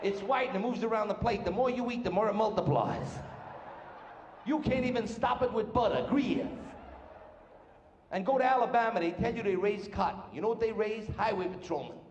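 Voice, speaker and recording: Brash New stand-up comic, echoey club. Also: male voice, high voice, lively intonation, a little mellow, dull audio, slight background noise. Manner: brash rapid-fire joke delivery, putting on characters' voices. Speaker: stand-up comedian. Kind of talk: stand-up comedy routine. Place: stage before a live audience. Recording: echoey live club sound with room reverb.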